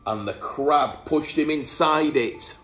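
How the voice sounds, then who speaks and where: A man's voice: fairly high pitch, takes it slowly, fairly bright tone, faint music behind. A man, a teacher, reading a rhyming bedtime story aloud in a playful storytelling manner. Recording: echoey room.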